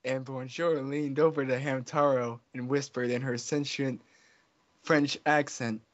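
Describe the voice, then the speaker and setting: A young man reading a short fanfiction excerpt aloud to friends in a soft, amused way. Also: mid-range voice, fairly even intonation, a little slow, no echo, dull audio.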